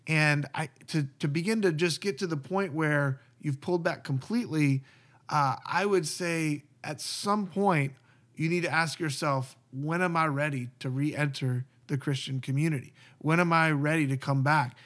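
A man's voice: on the high side, normal speed, a bit bright. Earnest man pastor talking. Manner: earnest, conversational, emphatic. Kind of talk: casual podcast talk.

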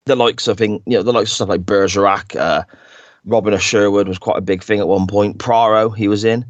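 A man co-hosting a podcast, chatting casually and acting out quotes in exaggerated high voices. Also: steady tone, brisk, no room sound, muffled recording. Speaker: podcast co-host. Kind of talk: casual chat.

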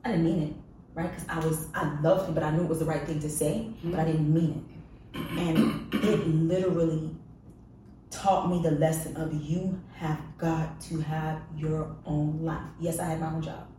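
A woman with a low, deep voice shares a personal story as a podcast guest, frank and confessional, leaning on emphatic repeats. She sits a little off the mic in a very echoey room with a faint hiss underneath. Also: flat delivery, moderate pace, dark tone, far from the mic.

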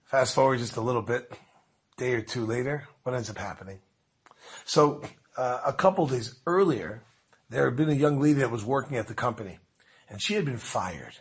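Husky-voiced guy telling a religious story, casual and lively, lots of restarts. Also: mid-range voice, normal speed. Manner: lively, with frequent restarts and asides.

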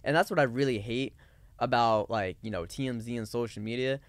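Guy chatting on a podcast, lots of "like, you know", smooth voice, dry mic. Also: medium pitch, brisk, no room sound. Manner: rambling, many fillers and restarts. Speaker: podcast co-host. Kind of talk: casual discussion.

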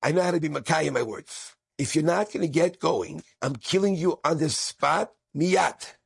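A man's voice: on the high side, moderate pace, creaky, breathy edge, heavily acted. A man voicing a stern male smuggler in a told story, threatening and then choked up.

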